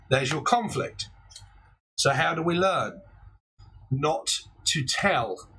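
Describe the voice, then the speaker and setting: During a live-stream tarot session, this man in his forties chats away, laughs often, and breaks into theatrical quotes. He has a fairly high voice that sounds pushed and bright with a breathy edge, and the audio is poor.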